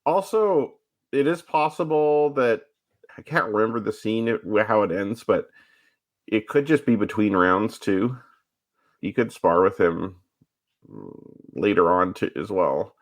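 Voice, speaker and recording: A man's voice: fairly low pitch, a little slow, long pauses. A man co-hosting a podcast in casual chat, thoughtful and explaining. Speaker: podcast co-host.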